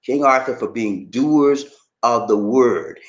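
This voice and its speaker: A man's voice: medium pitch, slow, highs cut off. A middle-aged man hosting his channel, reading viewer comments aloud and quoting scripture in a preacherly way. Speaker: channel host. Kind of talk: casual livestream chat. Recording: roomy echo.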